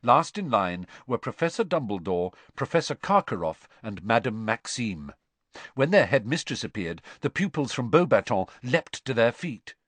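Male audiobook narrator, measured and expressive, very dry studio sound. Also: medium pitch, dry recording. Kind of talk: scripted narration.

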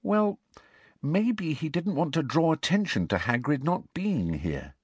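Man doing a bossy, principled teen girl in an audiobook, higher and lively, lecturing. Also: husky, dry recording, exaggerated voice. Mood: earnest. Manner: earnest, lecturing, slow emphatic delivery. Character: clever, earnest teenage girl, bossy and principled.

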